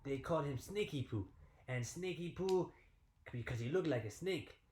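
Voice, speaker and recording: A man, a PE teacher, telling a story to young children in an animated, sing-song way from home. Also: on the high side, moderate pace, roomy sound.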